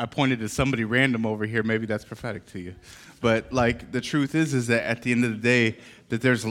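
A man preaching, a pastor leading testimonies and calling out cheers in a lively way. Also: on the low side. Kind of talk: sermon.

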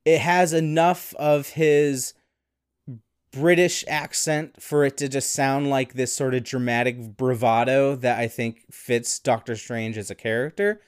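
A man co-hosting a casual podcast talk, his voice smooth and resonant. He rambles loosely with plenty of fillers and breaks into laughter often. The sound is dry and close, with no room around it. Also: medium pitch, steady tone, measured pace, no echo. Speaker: podcast co-host. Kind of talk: casual chat.

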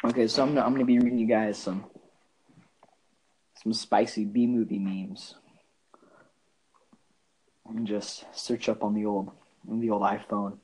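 A man's voice: fairly low pitch, flat delivery, warm tone, a little hiss or hum, rough recording. A man co-hosting a casual comedy podcast, quizzing his co-host with stammering restarts. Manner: quizzing, stammering, quick to laugh.

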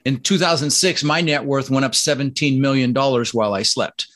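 A man from the Netherlands, a podcast guest, talking in a casual interview with energetic, emphatic delivery. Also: brisk. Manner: energetic, emphatic, jumps up in pitch when excited. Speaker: podcast guest, real estate investor.

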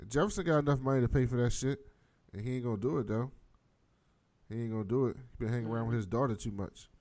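A man's voice: medium pitch, quick pace, a little mellow. A man casually recapping a TV episode, profane and laid-back, acting out the characters' lines as he goes. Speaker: podcast host.

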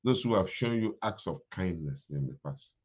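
A man preaching an animated morning devotion sermon as pastor, repeating his phrases and laughing often. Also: low voice, moderate pace, husky, highs cut off.

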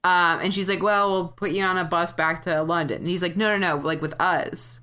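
Bright-voiced woman recapping a film. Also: fairly low pitch, a little fast. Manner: animated, swears freely, many fillers. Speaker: podcast co-host. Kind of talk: casual chat recapping a film.

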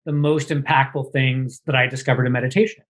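Man, coach, casual chat, animated, acts out examples, mid pitch. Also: brisk. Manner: animated, acts out example lines in lively voices. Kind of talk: conversational talk about coaching.

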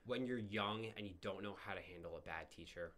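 Lower-pitched man with dry quips. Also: brisk, a bit bright. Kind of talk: casual chat.

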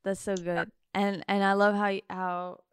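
A woman's voice: medium pitch, little pitch movement, unhurried, clean tone, no echo, clean studio sound. A woman hosting a faith podcast, chatting casually and affirming her guest, with lots of fillers. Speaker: podcast host. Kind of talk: casual chat.

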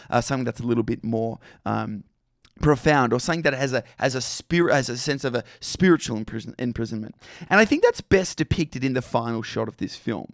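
A man's voice: medium pitch, dry recording. Dry, close Australian man musing on film. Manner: thoughtful, many fillers and restarts. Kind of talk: film discussion monologue.

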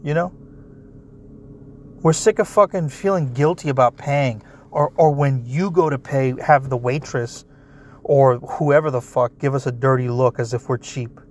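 Man, solo rant, heavy swearing, blunt and animated, slightly high voice, faint background hiss. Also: normal speed. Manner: animated, talks straight at listeners. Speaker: solo commentator. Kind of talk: ranting monologue.

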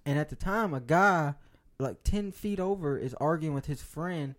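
A man's voice: a little high, moderate pace. A young man telling a rambling story in a casual podcast chat, laughing and acting out the voices of other people.

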